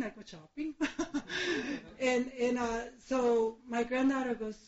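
A woman in her fifties giving a personal testimony at a recovery meeting, candid and laughing often, with halting restarts. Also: on the high side, a little mellow. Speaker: recovery speaker. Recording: roomy hall, dull sound.

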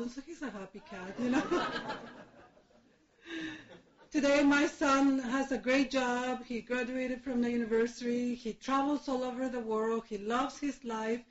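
A woman in her fifties shares her recovery story in a slightly high voice, candid and quick to laugh, often stopping to restart a sentence. Her voice carries through a roomy hall on a dull, muffled recording. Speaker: recovery speaker. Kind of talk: personal testimony speech.

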